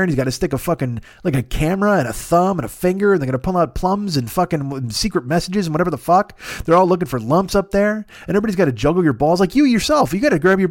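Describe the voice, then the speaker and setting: A man's voice: high-pitched, no room sound, studio quality. A man in his fifties riffing in a rambling, profane comedy monologue, laughing at his own jokes. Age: 50s. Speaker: podcast host.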